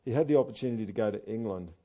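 An Australian man preaching a sermon, animated and joking, with loud asides and quiet readings. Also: fairly low pitch, rapid-fire. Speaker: pastor.

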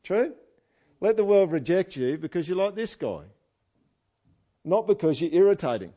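An Australian man preaching a sermon, animated and joking, with loud asides and quiet readings. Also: high-pitched, moderate pace. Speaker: pastor.

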